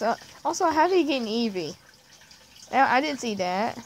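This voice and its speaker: A woman giving casual, chatty commentary while playing a game, giggling often and trailing off quietly at the ends of sentences. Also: on the high side, animated, moderate pace, slight background noise. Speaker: gameplay vlogger.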